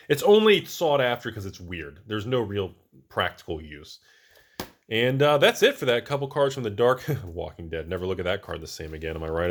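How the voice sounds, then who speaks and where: A man hosting a casual show-and-tell of his card collection, chatty and wisecracking, jumping between excited bursts and low mutters. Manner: wisecracking, self-mocking.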